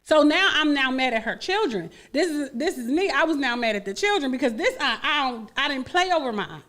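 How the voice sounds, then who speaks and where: A woman co-hosting a radio talk show, telling stories in a blunt, profane, animated way. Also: sits high, brisk. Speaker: radio co-host. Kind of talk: casual chat.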